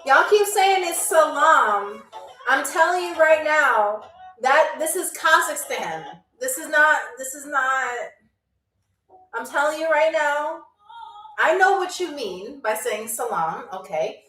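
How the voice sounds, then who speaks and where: A woman's voice: high voice, lively intonation, a little slow, bright, forceful tone. A woman from New York hosting a live trivia game show, chatty and playful, talking straight to her viewers. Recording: echoey room, distant mic, faint music.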